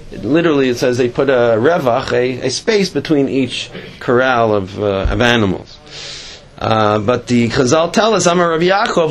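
A man teaching a Torah class as a rabbi, telling stories casually with many restarts and jumping up in pitch when he quotes others. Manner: animated, jumps up in pitch when quoting others; loose, conversational, many restarts. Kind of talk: casual Torah lecture with storytelling.

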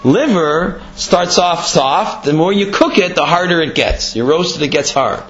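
Animated man teaching a Torah class. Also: fairly high pitch, unhurried, muffled recording, faint music behind. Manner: animated, conversational explaining.

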